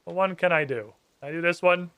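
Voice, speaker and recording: A man's voice: on the high side, a little fast, clean tone, narrow, tinny audio. A man streaming a game, chatting casually, swearing often and reading the dialogue aloud. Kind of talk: casual gameplay commentary.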